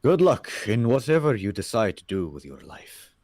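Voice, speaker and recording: A man reading the lines of a dry-witted skeleton detective, with a measured delivery, over an online voice call. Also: medium pitch, big pitch swings, a little mellow, no echo, close to an everyday voice. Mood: solemn.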